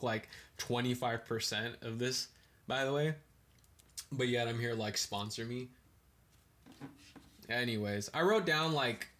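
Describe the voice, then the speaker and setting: A young man hosting a podcast alone, rambling in a casual, profane monologue full of "bro" and "dude." He is high and keeps wandering off on ranting tangents. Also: a little hiss or hum. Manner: ranting, animated bursts. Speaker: podcast host.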